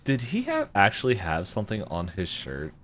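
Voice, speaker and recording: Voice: low-pitched, huge pitch swings, normal speed, fairly bright tone. A podcast co-host in casual chat who laughs often and thinks aloud while checking the episode.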